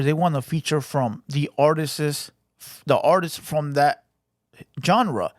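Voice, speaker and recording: A young man with a Mexican-American accent gives casual, profane reaction commentary, checking in with "right?" and "bro". His voice sits a bit high, and the recording is dry and close with no room sound. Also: no room sound. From United States. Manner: blunt, profane, talks with many "right?" and "bro". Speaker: reaction channel host.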